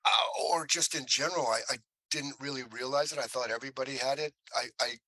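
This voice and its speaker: Bright-voiced man telling animated stories. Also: mid-range voice, fast talker, dry recording, low-quality recording. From Cleveland, US. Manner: animated storyteller who slips into impressions. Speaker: actor guest. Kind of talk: podcast interview storytelling.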